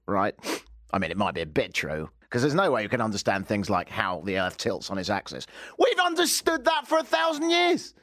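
A man's voice: lowish voice, a little fast, dry recording. English guy hosting talk radio, voice swings all over, dry close studio sound. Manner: joking, sarcastic, lively. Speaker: radio host. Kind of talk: casual radio chat. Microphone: studio mic.

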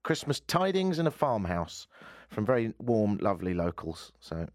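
A man's voice: on the low side, very animated, normal speed, dry recording. A man from the United Kingdom hosting a casual radio chat show, full of wry, self-mocking sarcastic asides, recorded in a studio. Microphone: studio microphone.

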